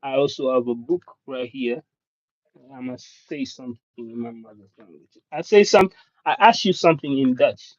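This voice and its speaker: A man whose first language is Swahili, chatting casually with viewers on a live stream, halting and rambling with many restarts. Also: medium pitch, no room sound. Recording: dull, dry lo-fi sound.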